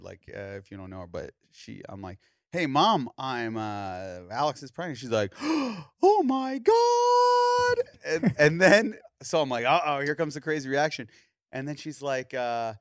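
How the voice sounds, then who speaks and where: A man's voice: medium pitch, fairly bright tone, no room sound, studio quality. A man in his thirties hosting a podcast, telling a story in casual chat and acting out other people's lines as he goes. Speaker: podcast host.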